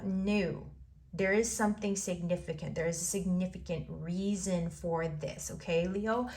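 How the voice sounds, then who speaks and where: A woman's voice: fairly low pitch, steady tone, normal speed, a little mellow. Encouraging woman doing a tarot reading. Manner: encouraging, rambling, repeats phrases. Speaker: tarot reader.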